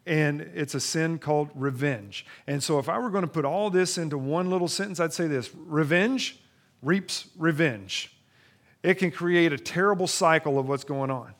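A man preaching a sermon as pastor, moving from soft, low asides to loud, lively scripture reading. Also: a little fast, hardly any pauses.

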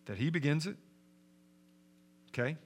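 A man preaching a sermon as pastor in a church, moving from hushed, reflective passages to loud, emphatic declarations. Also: on the high side, animated, unhurried.

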